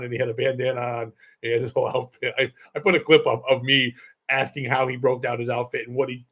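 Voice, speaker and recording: A man's voice: mid-range voice, a bit bright. A man hosting a podcast, telling a rambling story in casual chat, full of fillers and laughs. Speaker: podcast host and comedian.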